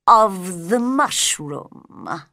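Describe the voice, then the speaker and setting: A woman voicing a slow, sleepy and unfriendly male caterpillar in a storybook reading, drawling out curt questions. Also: on the low side, lively intonation, bright, forceful tone, no room sound, clean studio sound, full character voice.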